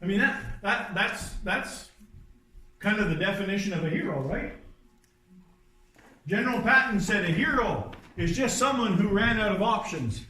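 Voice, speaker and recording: A man's voice: high voice, lively intonation, moderate pace, bright, forceful tone. Man preaching in an echoey church. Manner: conversational storytelling with asides and restarts. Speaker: pastor. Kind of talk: sermon. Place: church sanctuary. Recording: very echoey church room, distant mic.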